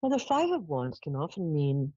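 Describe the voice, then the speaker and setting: A woman hosts a live psychic call-in show in a low voice that moves around a lot in pitch. She talks casually with many "um"s and laughs. The sound is a bit husky, dry and lo-fi. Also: moderate pace, dry recording. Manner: chatty, animated, lots of "um"s and laughs. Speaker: psychic radio host.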